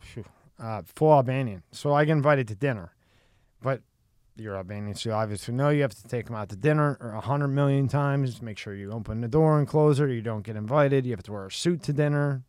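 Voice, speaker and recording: A man's voice: medium pitch, brisk, a little mellow, dry recording, clean studio sound. A man in casual chat, blunt and profane, who keeps asking questions and tells his own stories.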